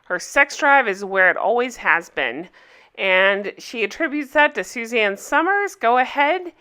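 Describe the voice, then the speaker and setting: A woman hosting a casual recap, chatting in a gossipy, opinionated way with quick asides. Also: medium pitch, sing-song, bright, forceful tone, clear, resonant tone. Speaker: recap host.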